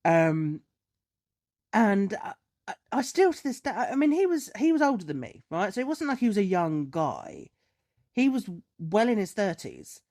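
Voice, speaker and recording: A woman on a podcast, casually chatting and telling a story with lively, animated delivery. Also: medium pitch, moderate pace. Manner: animated storyteller, acts out dialogue in raised voice. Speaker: podcast co-host.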